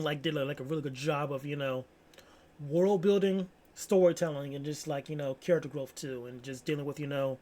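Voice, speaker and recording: This vlogger is a young man rambling through a casual solo chat, slangy and packed with fillers, leaning heavily on "like" and "bro." His voice is a little high with a darkish tone.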